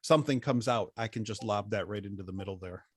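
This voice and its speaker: A man's voice: fairly low pitch, fast. A man playing a tabletop game over a call, easygoing and playful as he plans his character's moves. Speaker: player.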